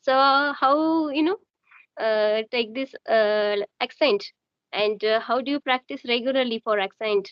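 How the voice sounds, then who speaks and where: A woman's voice: fairly high pitch, no room sound, lo-fi sound. Hesitant woman from Maharashtra. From Maharashtra, India. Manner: hesitant, halting, many fillers. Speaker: learner, homemaker. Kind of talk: casual conversation practice.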